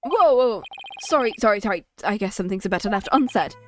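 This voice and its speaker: A woman reading the lines of an earnest, jumpy young male defense lawyer who asks quick questions. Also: medium pitch, expressive, soft background music, natural voice.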